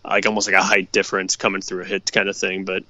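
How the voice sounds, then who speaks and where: A man's voice: sits low, completely flat delivery, rapid-fire, sharp tone, no room sound, lo-fi sound. A young man co-hosting a casual sports podcast, agreeable and laid-back, often chuckling. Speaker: podcast co-host.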